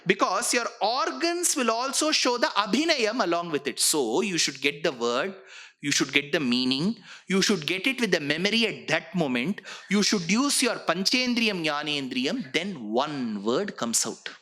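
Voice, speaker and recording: A man giving an expressive religious discourse, explaining scripture and breaking off to demonstrate sounds. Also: sits high, normal speed. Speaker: spiritual lecturer.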